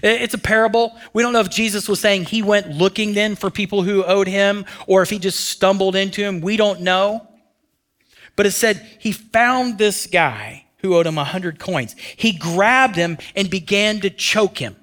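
A man preaching a sermon with a voice pitched a little above the usual. He talks to his listeners conversationally and keeps asking them questions. On the key phrases he drops down to a near hush. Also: moderate pace. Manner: conversational, asks the audience questions. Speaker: pastor.

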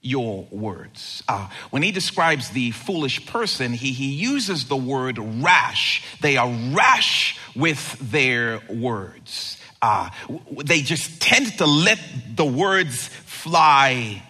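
A man preaching a sermon as pastor, conversational and animated, asking the listeners questions. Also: mid-range voice, slow, husky.

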